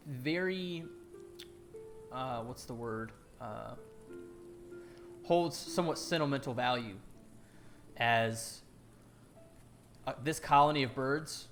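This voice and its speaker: Man narrating a fantasy game, halting. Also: medium pitch. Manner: halting, many fillers and restarts. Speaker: game master.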